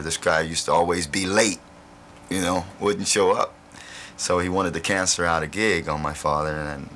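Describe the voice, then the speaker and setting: Brief: man, low and bright-toned, loose laughing anecdotes, faint hiss behind. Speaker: blues musician interviewed. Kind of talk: relaxed storytelling interview.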